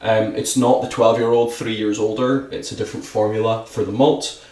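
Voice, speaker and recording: An eager Scottish man explains whisky on a podcast in a low voice. He sits a little back from the mic, and the room echoes around him. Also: level tone, normal speed, darkish tone, recorded from a distance. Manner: enthusiastic, talks with his hands, says "absolutely" often. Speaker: distillery ambassador guest. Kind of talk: podcast conversation. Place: podcast studio.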